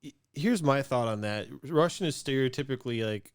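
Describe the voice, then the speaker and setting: A man's voice: mid-range voice, animated, brisk, clean tone, no room sound, clean studio sound. A man co-hosting a podcast, chatting casually, musing aloud and restarting his thoughts. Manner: musing, self-deprecating, trails off and restarts. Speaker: podcast co-host. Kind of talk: casual chat.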